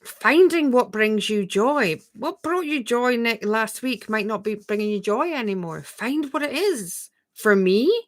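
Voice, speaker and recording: A woman coaching viewers on a live stream, talking gently and asking a lot of rhetorical questions. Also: on the high side, lively intonation, measured pace, hardly any pauses, no room sound. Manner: reads viewer comments aloud and answers them. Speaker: spiritual coach.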